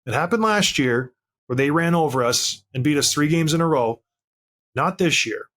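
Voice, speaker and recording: A man's voice: a little high, animated, normal speed, fairly bright tone. A man co-hosting a sports podcast, telling stories in an emphatic, fired-up way during casual chat. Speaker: podcast co-host.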